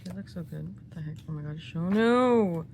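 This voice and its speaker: Woman, excitable, half-whispered asides, slow-paced, lively pitch, faint background hiss. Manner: excitable, gushing, giggly, often half-whispered. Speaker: vlogger unboxing albums. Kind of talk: casual unboxing chat.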